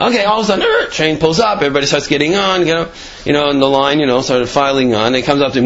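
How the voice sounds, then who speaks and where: A man's voice: on the high side, very fast, a bit bright. A man casually telling religious stories, rambling with many fillers and restarts. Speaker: Torah storyteller. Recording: dull lo-fi recording.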